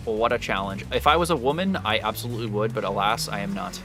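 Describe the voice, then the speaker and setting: A young adult man streaming live, telling a rambling story to his chat with animated, loose energy and casual swearing. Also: on the low side, fast talker, hardly any pauses, music in the background.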